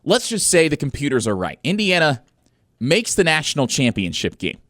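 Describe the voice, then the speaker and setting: A young man hosting a college sports radio show, giving energetic, opinionated commentary with emphatic stresses. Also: fairly high pitch, normal speed, no room sound, clean studio sound.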